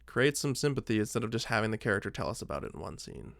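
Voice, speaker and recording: A man co-hosting a podcast in casual chat, animated, leaning on "like" and acting out his own thoughts as quoted lines. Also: on the low side, racing, creaky, no echo, clean studio sound. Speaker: podcast co-host.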